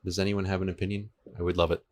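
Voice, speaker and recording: A man's voice: low voice, level tone, very fast, darkish tone. Laid-back young man chatting on a stream. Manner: laid-back, chatty, answers viewers' chat as he works. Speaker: livestreamer coding a game server. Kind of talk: casual livestream chat. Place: home room with an air conditioner running. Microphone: desk microphone, switching between two.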